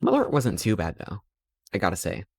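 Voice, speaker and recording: Male streamer, low voice, casual rambling anecdotes with playful quoted asides. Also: very animated, moderate pace, dry recording. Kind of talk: casual chat while streaming.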